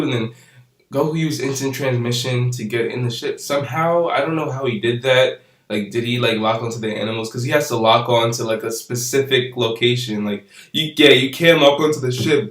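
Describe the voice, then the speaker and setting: A man's voice: mid-range voice, fairly bright tone. Rambling young man recapping an episode, echoey room. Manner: rambling, laughs often, filler-heavy. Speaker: anime reviewer. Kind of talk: casual recap review.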